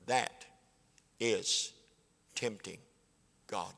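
Older preacher in a reverberant church. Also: male voice, fairly low pitch, drawn-out words, creaky, a bit bright. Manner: folksy, plainspoken, acts out conversations. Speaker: pastor. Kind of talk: sermon with storytelling. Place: church sanctuary.

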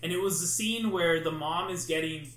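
Male podcast host, animated storyteller, slightly high pitch, roomy echo. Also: normal speed. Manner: animated, swears, acts out friends' reactions. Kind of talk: casual chat, storytelling. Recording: echoey room, faint background hum.

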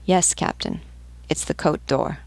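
A woman's voice: low-pitched, a little slow, creaky, darkish tone, no echo, exaggerated voice. A woman reading the lines of a knowledgeable male ship's pilot who lists enemy ships in a matter-of-fact way.

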